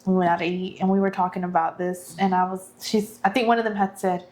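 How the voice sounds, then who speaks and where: A woman's voice: on the low side, steady tone, fast, few pauses, darkish tone. A married woman co-hosting a casual podcast chat, candid and slipping in jokey asides. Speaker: podcast co-host.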